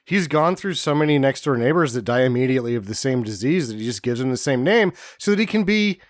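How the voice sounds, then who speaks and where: A man at a middling pitch whose voice moves a lot as he grumbles wryly about a film. The sound is close and dry. He is casual and chatty, with deadpan jabs. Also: fast talker, no room sound. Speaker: podcast co-host. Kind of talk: casual movie-review banter.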